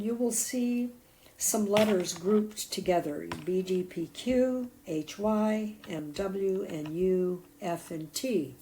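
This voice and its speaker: A woman's voice: lowish voice, warm tone, poor audio. A middle-aged woman patiently walking through an app's settings step by step, narrating a product demo. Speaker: app demonstrator. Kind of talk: scripted product walkthrough narration.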